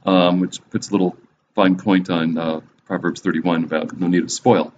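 A man with a lowish voice talks through a Bible passage in a relaxed teaching style, dropping in dry little jokes as he goes. The sound is a bit muffled and dull, with a faint hiss underneath. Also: moderate pace. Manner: conversational, wry and joking.

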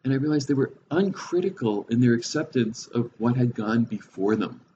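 A man's voice: medium pitch, animated, normal speed, warm tone, muffled recording, a little hiss or hum. A middle-aged man giving a casual, conversational Bible teaching, thinking aloud with fillers and asides.

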